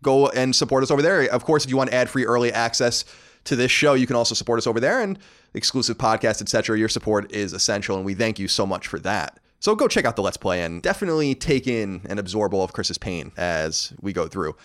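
Brief: male podcast host, faded New York accent, rapid sardonic delivery, lively swooping pitch. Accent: New York, mostly faded. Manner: fast, sardonic, animated delivery. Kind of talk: casual podcast chat.

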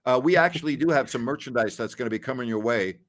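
A man's voice: medium pitch, fast talker. A man in his sixties hosting a sports talk show in a folksy, exclamatory, rambling way. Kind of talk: casual chat.

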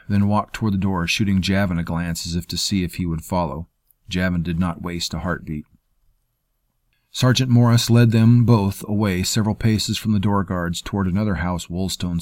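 A man reading a fantasy story in measured, scripted narration. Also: low-pitched, darkish tone, no echo. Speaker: audiobook narrator.

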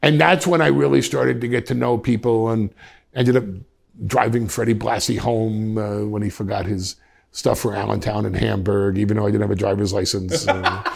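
Gravelly storytelling man in his fifties. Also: lowish voice, moderate pace. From Westchester, New York. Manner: animated, many restarts, slips into quoted voices. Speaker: guest. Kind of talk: reflective storytelling in a podcast interview.

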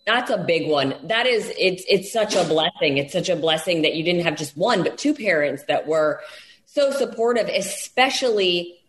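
A woman's voice: fairly low pitch, expressive, normal speed, slight background noise. A woman hosting a podcast interview, supportive and enthusiastic as she asks her guest questions. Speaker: podcast host. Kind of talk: conversational interview. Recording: echoey room.

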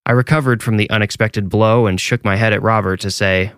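Low-voiced man narrating horror. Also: fairly even intonation, a little fast, a bit bright, clean tone, dry recording, studio quality. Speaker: horror story narrator and author.

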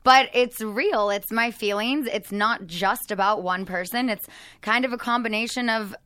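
Bright crisp-voiced woman host. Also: on the high side, normal speed, dry recording. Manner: upbeat, chatty. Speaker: podcast host. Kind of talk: casual chat.

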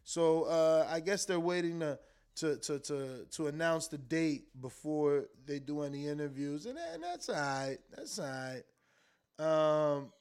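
High-voiced man chatting boxing with his stream. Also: clean tone. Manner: loose and conversational, swears, repeats words, argues with the chat. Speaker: live stream host reading super chats. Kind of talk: casual boxing talk on a live stream.

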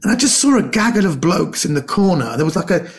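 A man telling lively anecdotes as a guest, often acting out what other people said. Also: sits high, quick pace. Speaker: guest comedian. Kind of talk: casual storytelling interview.

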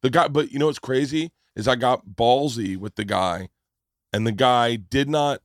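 A man's voice: medium pitch, normal speed, no echo, clean studio sound. A man hosting a podcast, telling a story in casual chat, often restarting his sentences. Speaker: podcast host.

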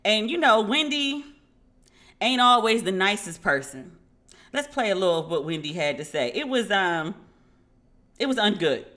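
A woman's voice: mid-range voice, expressive, a bit bright. Chatty salty woman podcast host. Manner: chatty, salty, quick asides and laughs. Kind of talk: casual pop-culture commentary.

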